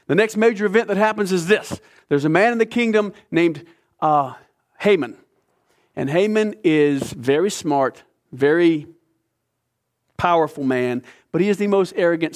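A man leading a midweek Bible study, retelling the story in an animated way with casual slang. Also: a little high. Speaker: Bible teacher.

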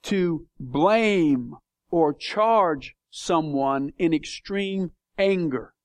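Pastor, male, high voice, dry close sound, impassioned, emphatic sermon delivery. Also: animated, drawn-out words, no echo. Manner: passionate, emphatic preaching with big swings in intensity.

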